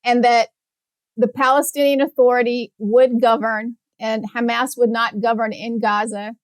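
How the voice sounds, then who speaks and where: A woman guest expert answering in measured, steady explanations. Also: fairly high pitch, no room sound.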